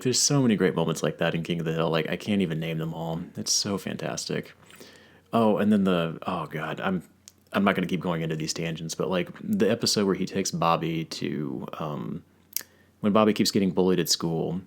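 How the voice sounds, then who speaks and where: A man with a very low, gravelly voice and a lot of vocal fry. He chats casually as a podcast host, rambling through stories and filling the gaps with fillers and restarts. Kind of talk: casual chat.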